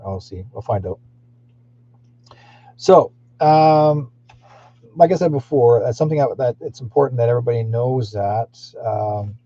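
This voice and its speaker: A man with a mellow, medium-pitched voice hosts a psychic live stream. He rambles on, frequently restarting and using fillers, and the stream audio is dull and lo-fi.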